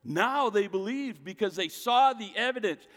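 A man preaching a sermon, leaning on his points and posing questions to the listeners. His voice sits somewhat high for a man. It rings with the long reverb of a large hall. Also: expressive, moderate pace, fairly bright tone. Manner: emphatic preaching, rhetorical questions. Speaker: pastor.

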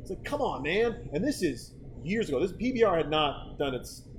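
Middle-aged guy telling wild bar stories quick, does all the voices, laughs a lot, slightly high voice. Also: slight background noise, rough recording. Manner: animated storyteller acting out quoted voices, laughs often. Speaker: podcast guest telling stories. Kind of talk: casual chat.

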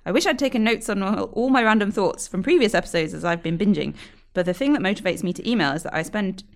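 A woman's voice: medium pitch, quick pace, vocal fry. A woman co-hosting a podcast, chatting casually and reading out listener emails. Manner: chatty, frequent "like" and "um" fillers. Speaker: podcast co-host.

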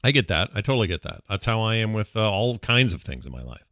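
A man co-hosting a podcast, talking in a relaxed, rambling way with many fillers. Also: on the low side, quick pace, no echo, clean studio sound. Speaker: podcast co-host. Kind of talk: casual chat.

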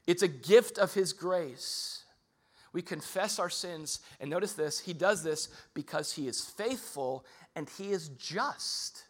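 A young adult man preaching a sermon as a pastor, talking casually and swinging between loud emphasis and soft, earnest passages. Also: fairly high pitch, takes it slowly.

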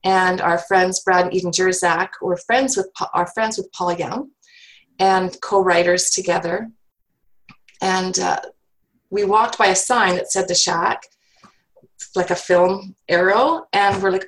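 A woman's voice: lowish voice, fairly even intonation, measured pace, rough recording. A woman guest telling a personal faith story in an earnest, reflective way, often restarting her sentences.

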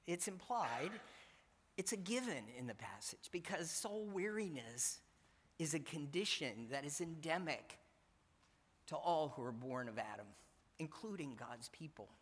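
A man's voice: fairly high pitch, expressive, unhurried, fairly bright tone, husky. A man preaching a sermon in an earnest, emphatic way, repeating his key phrases. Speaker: pastor. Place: church sanctuary. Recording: church hall reverb.

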